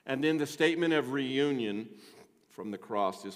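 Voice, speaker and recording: A man's voice: medium pitch, expressive, normal speed. An older man preaching a sermon as pastor, conversational and rising to emphatic points with rhetorical asides to the congregation. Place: church sanctuary. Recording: long hall reverb.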